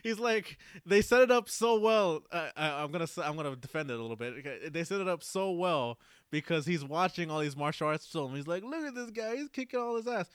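A man chatting casually as a podcast co-host, rambling and halting, often breaking into laughter. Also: on the high side, smooth, dry recording, clean studio sound. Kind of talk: casual chat.

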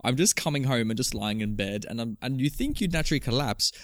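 A young man chats loosely as podcast co-host, rambling and laughing with plenty of filler words. His pitch moves around a lot. The recording is close and dry. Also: animated, fast, fairly bright tone, no echo. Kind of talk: casual chat.

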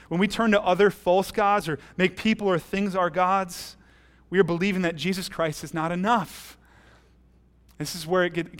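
A man preaching a sermon as pastor, earnest, often restarting his phrases. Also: a little high.

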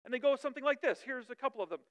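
A woman preacher giving a conversational sermon, lively and chatty, often checking in with her listeners. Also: sits high, rapid-fire.

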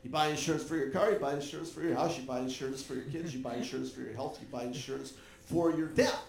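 A man preaching a sermon, animated and joking with the congregation. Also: medium pitch, fast talker, vocal fry, echoey room, slight background noise. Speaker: pastor.

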